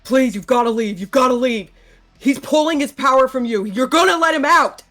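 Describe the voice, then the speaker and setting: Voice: high-pitched, expressive, moderate pace, a bit bright, soft background music, voice pushed up. A tabletop player voicing a desperate male adventurer who screams and pleads. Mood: frantic.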